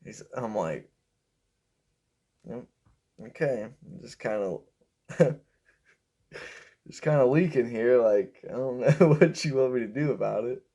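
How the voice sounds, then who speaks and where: A young man rambling through a personal story with lots of fillers, raising his pitch when he quotes people. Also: slow pace, long pauses, warm tone, slightly rough. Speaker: vlogger telling a story. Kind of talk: casual storytelling.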